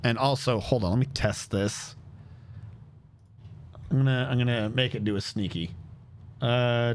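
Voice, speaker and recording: A man's voice: medium pitch, slow, long pauses, soft background music. A man streaming a game, talking to himself in a casual, muttering way and humming now and then. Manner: talks to himself while playing, muttering and humming. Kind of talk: casual gameplay commentary.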